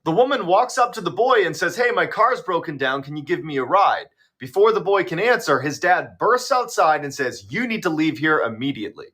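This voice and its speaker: A man's voice: on the high side, sing-song, a little fast, hardly any pauses, bright, forceful tone. A man narrating short scary stories in a scripted, dramatic storytelling style.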